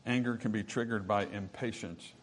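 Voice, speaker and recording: A man's voice: fairly low pitch, steady tone, normal speed, a little hiss or hum. A male pastor preaching a sermon in an earnest, conversational way, with emphatic bursts, scripture readings and calls of "Amen?" to the congregation. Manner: reads scripture aloud and asks the congregation to finish verses.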